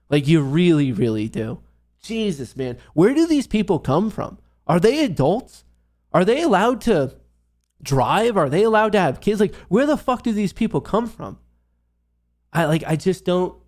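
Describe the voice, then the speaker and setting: A man's voice: a little high, darkish tone. Young guy ranting on his trading stream, swearing nonstop, heated and sarcastic. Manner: heated, mocking, heavy swearing. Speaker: trading livestream host. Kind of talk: profane ranting monologue.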